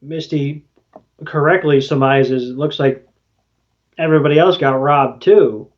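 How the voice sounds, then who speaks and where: A man's voice: fairly high pitch, unhurried. A man co-hosting a podcast, recapping an episode in loose casual chat and swearing now and then. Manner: loose and swearing, quoting characters in passing. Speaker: podcast co-host. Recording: dull lo-fi audio.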